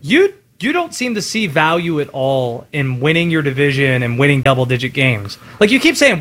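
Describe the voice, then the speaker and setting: A man's voice: on the high side, big pitch swings, normal speed, few pauses, a bit bright. A man hosting a sports radio show, pushing back hard, cutting in and handing off to callers. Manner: pushes back, cuts in, hands off to callers. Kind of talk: heated sports talk debate.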